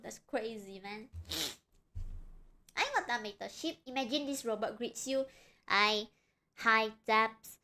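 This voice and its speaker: A young woman streaming live, chatting in an excitable, rambling way with frequent giggles. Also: fairly high pitch. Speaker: streamer reacting to a video. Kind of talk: casual live-stream chat.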